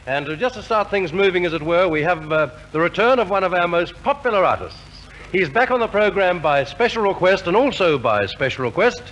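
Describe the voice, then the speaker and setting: A man's voice: sits high, lively intonation, fairly quick, a bit bright, lo-fi sound. A man compering a 1950s radio variety show in a hearty, jovial, chatty way. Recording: old radio recording with faint hiss.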